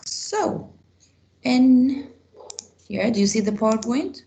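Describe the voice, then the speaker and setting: A woman's voice: on the high side, expressive, takes it slowly, creaky, mellow, low-quality recording. Egyptian lady teacher going over punctuation on a video call, repeats herself a lot. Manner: repeats words, restarts phrases while explaining. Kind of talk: online grammar lesson.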